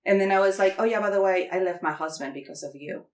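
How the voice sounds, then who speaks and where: A woman's voice: mid-range voice, fast, slight background noise. A woman from Mexico, a native Spanish speaker with a Mexican Spanish accent, tells a comedic story as a podcast guest, acting out quotes with squeals and laughter. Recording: roomy echo.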